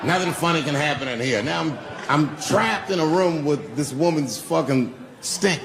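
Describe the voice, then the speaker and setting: A man's voice: on the high side, expressive, normal speed, background noise. A man performing a stand-up routine on a club stage, telling profane, loose stories and bantering with the crowd. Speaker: stand-up comedian. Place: comedy club stage with live audience.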